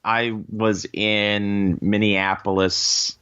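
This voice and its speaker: A man's voice: on the low side, flat delivery, extremely slow, a bit bright, clean tone. A man co-hosting a casual political chat podcast, mostly giving brief agreement and wry one-liners. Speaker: podcast co-host. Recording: dull lo-fi sound.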